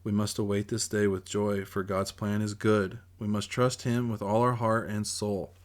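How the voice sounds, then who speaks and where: A man voicing a calm, devout mother who soothes her son in a preachy way, in a self-read audiobook. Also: fairly low pitch, moderate pace, lightly acted. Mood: soothing. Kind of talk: audiobook character voice.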